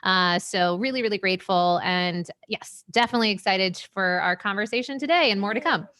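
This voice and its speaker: Effusive woman guest, bright voice, casual interview. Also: medium pitch, brisk. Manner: effusive and enthusiastic, many "yes" and "oh my goodness". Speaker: guest, sleep coach. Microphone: remote call.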